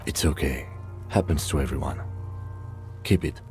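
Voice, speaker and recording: Game role: a level-headed lieutenant, low voice, understated. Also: male voice, music in the background. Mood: calm. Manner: composed, measured, dry. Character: calm, dry-witted male police lieutenant. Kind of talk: video game voice acting.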